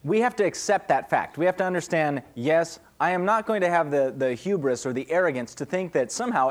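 A young man serving as a pastor leads a casual question-and-answer sermon, with a voice on the high side. He speaks conversationally and keeps checking in with his listeners by asking "okay?"

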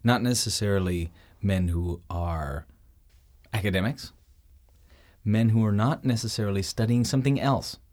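A man hosting a show, giving an animated teaching talk, acting out quoted voices and checking in with his listeners. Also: fairly low pitch, normal speed. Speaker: show host.

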